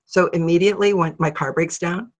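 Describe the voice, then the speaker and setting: A middle-aged woman from Ohio, a guest in an interview, telling her story in a lively way and acting out her own thoughts. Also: fairly low pitch, brisk. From Ohio, USA. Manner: animated, acts out her own thoughts in a raised voice.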